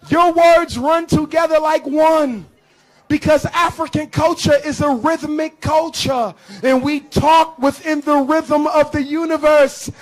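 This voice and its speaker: A man giving an impassioned public speech to an audience in a rhythmic preaching cadence, punching key phrases with shouts. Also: very high voice, low-quality recording. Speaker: public speaker. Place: live event before an audience.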